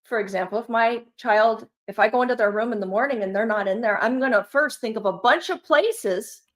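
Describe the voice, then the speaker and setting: A woman giving measured, analytical commentary, reasoning through her points. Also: a little high.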